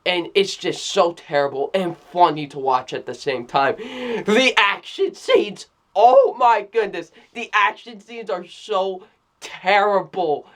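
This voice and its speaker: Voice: mid-range voice, lively intonation, takes it slowly, a bit bright. A film reviewer in a casual spoken review who keeps exclaiming, repeats phrases, restarts sentences and often breaks into laughter. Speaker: movie reviewer.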